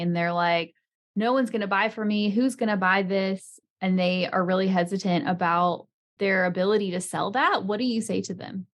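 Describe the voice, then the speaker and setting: Easygoing woman podcast host. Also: lowish voice. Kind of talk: conversational interview.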